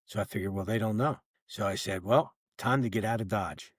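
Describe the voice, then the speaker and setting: A man's voice: lowish voice, fairly quick, husky, no echo, studio quality. An older man, a retired federal agent, telling a long story in casual podcast talk and acting out both sides of old conversations. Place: podcast recording setup.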